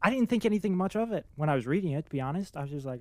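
Excitable reader chatting about a novel. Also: mid-range voice, very fast, hardly any pauses, dry recording. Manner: excitable, many filler "like"s, acts out its own reactions. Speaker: reader of a classic novel, then commentator. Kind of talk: reading aloud, then casual book commentary.

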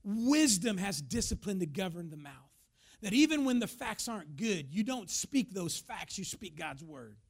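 Gravelly high-pitched male pastor preaching. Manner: emphatic preaching, acts out quoted voices. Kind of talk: sermon.

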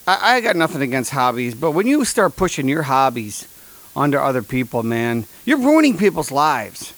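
A man hosting a comedy podcast, delivering sarcastic, deadpan rants and mock sponsor ads. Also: medium pitch, moderate pace. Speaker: podcast host. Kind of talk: comedic monologue.

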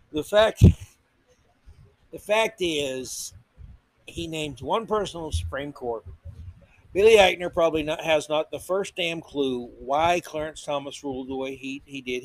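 A man's voice: on the high side, dry recording, low-quality recording. A middle-aged man hosting a podcast, delivering a combative, sarcastic opinion monologue. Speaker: podcast host.

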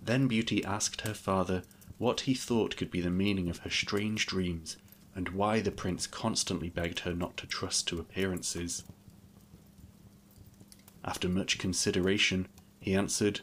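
A man narrating a classic fairy tale in a steady, measured storybook reading. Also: sits low, slight background noise.

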